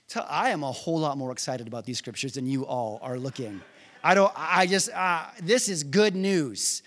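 Fervent high-voiced male pastor preaching. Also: expressive, moderate pace. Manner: fervent, rising to loud emphatic calls for the congregation to repeat; reads scripture aloud and drives key lines home by repetition. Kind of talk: sermon.

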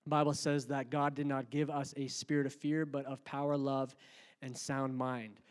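A man preaching a sermon, moving between calm, quiet talk and loud, rising passages. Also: mid-range voice, moderate pace, in a large hall. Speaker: pastor.

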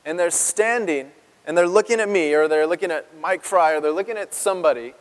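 A man's voice: fairly high pitch, fairly quick, big-room sound. A man preaching a sermon as pastor, talking conversationally and asking his congregation questions. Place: church sanctuary.

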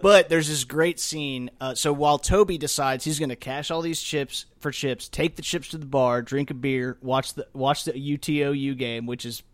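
A man's voice: medium pitch, moderate pace, few pauses, no room sound. A man recapping a movie in casual chat, acting out characters' lines as he tells the story. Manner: animated retelling, acts out lines with a raised voice. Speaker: podcast co-host.

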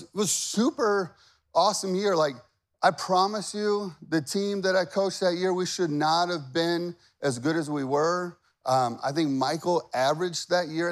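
A man in his forties preaching a sermon in a chatty, self-deprecating way, often asking the crowd questions. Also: on the high side. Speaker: pastor. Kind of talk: sermon with personal stories.

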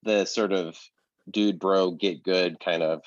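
A man's voice: low-pitched, fairly even intonation, slow, no room sound, muffled recording. A man co-hosting a casual chat about video games, rambling with many fillers and restarts. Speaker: podcast co-host. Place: apartment.

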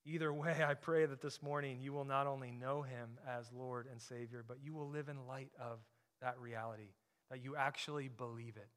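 A man preaching a sermon as pastor, emphatic, often dropping to a soft, intense tone on key points. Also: medium pitch, steady tone, normal speed.

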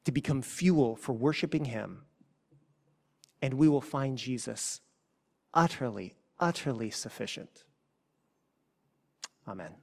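A man preaching a sermon as a pastor, earnest, moving between hushed and forceful passages. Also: mid-range voice. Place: church sanctuary. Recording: long reverb of a church hall.

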